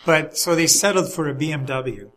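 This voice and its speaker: A man's voice: a little high, moderate pace, a bit bright, low-quality recording. A man chatting casually, telling rambling anecdotes with easy laughter. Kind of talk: casual chat, storytelling.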